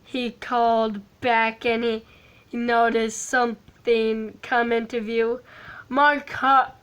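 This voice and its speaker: A woman's voice: fairly high pitch, level tone, slow pace, a bit bright, clean tone. A woman casually reading a fan story aloud, often stumbling over words and adding chatty asides. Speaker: fan fiction reader.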